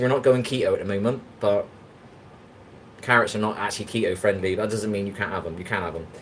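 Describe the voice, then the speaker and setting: A man's voice: lowish voice, fairly bright tone, slight background noise, poor audio. Rambling English man chatting while cooking. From England. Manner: rambling, chatty, talks back to chat comments. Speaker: livestream host. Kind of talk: casual livestream chat while cooking.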